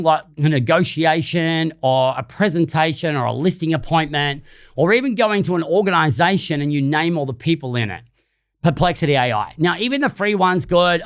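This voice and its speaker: A man with an Australian accent hosting an unscripted solo podcast, talking casually and bluntly, with some swearing. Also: a little high. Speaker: podcast host.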